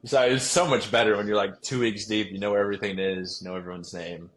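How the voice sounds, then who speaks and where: A young man talks loosely in a podcast interview, his voice sitting on the low side. He rambles, restarts sentences and leans on fillers as he thinks aloud. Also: steady tone, fast. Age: young adult. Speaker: guest, pro baseball player. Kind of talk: casual interview chat.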